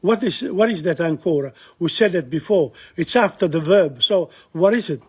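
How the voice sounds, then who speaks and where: A man's voice: sits high, expressive, normal speed, husky. A man teaching Italian by working through a song's lyrics word by word, repeating terms and breaking down the grammar. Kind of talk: explaining song lyrics line by line.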